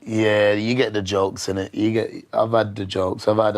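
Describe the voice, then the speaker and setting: A man's voice: on the low side, flat delivery, normal speed. A man from Birmingham with a Birmingham accent, a rapper answering interview questions in a proud, easygoing way. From Birmingham, England.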